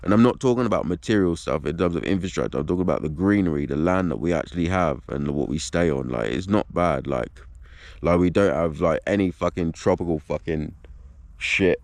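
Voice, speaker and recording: A video blogger with a low, heavy, darkish voice talks straight to camera in a loose monologue. Expressive and fairly quick, he rambles and swears, looping back with "like" and "do you know what I mean." The recording is dry and close, with no room sound.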